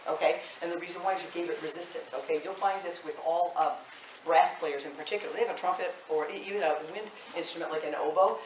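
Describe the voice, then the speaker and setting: A woman's voice: lowish voice, fairly even intonation, fast talker. Chatty woman teaching voice in an echoey room. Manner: chatty, ends phrases with "okay?". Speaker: voice teacher and choir director. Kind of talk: live vocal workshop. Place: large echoey room with a live group. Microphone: room mic at a distance. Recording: roomy, distant, faint hiss.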